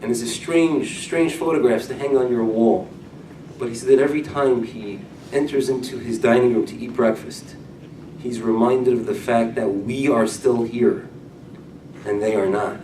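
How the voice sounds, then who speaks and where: A middle-aged man preaches a Torah class, his voice swinging from loud emphasis to hushed storytelling. He sounds set back from the mic in a roomy, echoing hall. A faint murmur of room noise sits underneath. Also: mid-range voice, steady tone, normal speed. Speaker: rabbi. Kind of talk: sermon-style Torah class. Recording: echoey room, mic at a distance.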